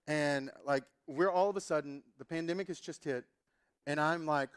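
A man's voice: on the high side, normal speed, clean tone. A man in his thirties, a pastor telling a humorous story in a sermon and acting out the dialogue. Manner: animated, humorous, acts out dialogue.

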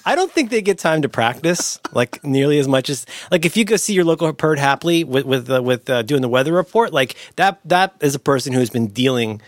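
A man in casual chat as a podcast guest, rambling and jokey, acting out quotes in a higher voice. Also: lively intonation, fairly quick, hardly any pauses, no room sound.

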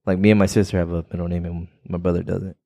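A man's voice: deep voice, flat delivery, fast talker, vocal fry, dark tone. A man co-hosting a podcast in casual chat, laid-back, trailing off and swearing casually. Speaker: podcast co-host.

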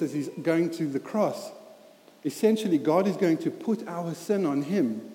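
A man's voice: a little high, dark tone, slight background noise. A man preaching a sermon in an earnest, plain-spoken, conversational way, often saying "you know" and repeating words. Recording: reverberant church hall.

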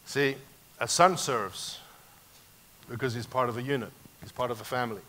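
A man pastor preaching a sermon, emphatic and animated, moving sharply between loud and quiet passages. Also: medium pitch, normal speed.

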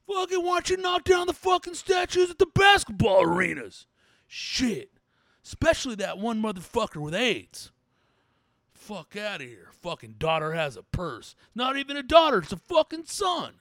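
Man doing an angry foul-mouthed middle-aged ranter; loud, pitched up, dry. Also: big pitch swings, unhurried, dry recording, heavily acted. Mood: fuming. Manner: profane, ranting, keeps raising his voice. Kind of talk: comedic character rant.

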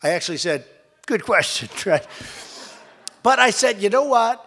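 A man's voice: sits high, lively intonation, normal speed, pushed and bright. An older man giving a campaign rally speech in a large school hall, talking in an emphatic, repetitive and rambling way. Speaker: political candidate.

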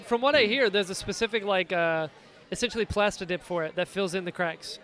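A man hosting a casual podcast, asking questions in a relaxed, chuckling way. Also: high voice, brisk. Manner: easygoing, chuckling interviewer. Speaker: podcast host.

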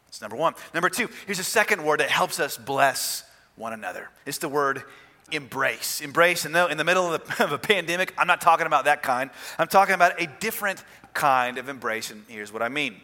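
A male pastor preaching a sermon, animated, with emphatic rises and soft drops. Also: a little high, brisk, in a large hall.

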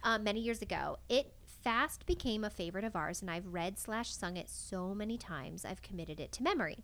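A woman co-hosting a casual library podcast, talking about storytime and reacting with soft coos and laughs. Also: medium pitch, expressive, a little fast. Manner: warm, cooing, often laughs. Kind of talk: casual chat.

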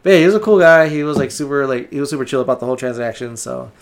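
A man's voice: mid-range voice, fairly even intonation, racing. A man co-hosting a casual podcast, talking in a laid-back way with lots of fillers. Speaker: podcast co-host.

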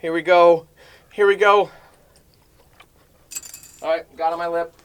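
A man's voice: a little high, little pitch movement, unhurried, very noisy. A man hosting a casual podcast with friends, talking through a hot sauce challenge with groans and coughs. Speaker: podcast host. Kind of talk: casual chat.

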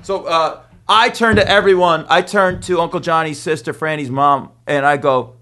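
A man telling a rowdy story in a casual podcast chat, animated and swaggering, acting out the people he describes. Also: a little high, unhurried. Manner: animated, swaggering storyteller who acts out the people in his stories. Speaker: podcast co-host.

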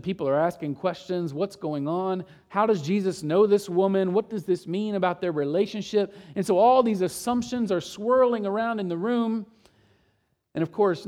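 Male pastor, sermon delivery, higher-pitched voice, moves between loud emphasis and near-quiet lows. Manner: retells scripture, voicing quotes, swings from loud to hushed.

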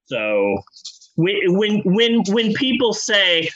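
A man's voice: a little high, takes it slowly, highs cut off. Rambling, swearing comedic storyteller man. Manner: rambling, animated, profane, drops into character voices. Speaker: podcast co-host.

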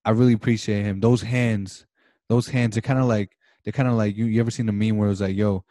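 A man's voice: fairly low pitch, fairly even intonation, brisk, dark tone, no room sound, clean studio sound. A young man, a podcast co-host, on a video call, ranting with mock passion and a lot of swearing. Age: young adult. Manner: dramatic mock-passionate rants, heavy swearing. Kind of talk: casual chat over video call.

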